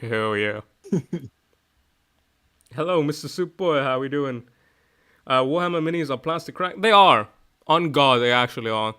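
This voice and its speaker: A man's voice: mid-range voice, lively intonation, moderate pace, pauses often, bright, forceful tone, smooth. A man hosting a livestream, chatting casually, laid-back, joking and swearing, half asleep. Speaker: streamer host.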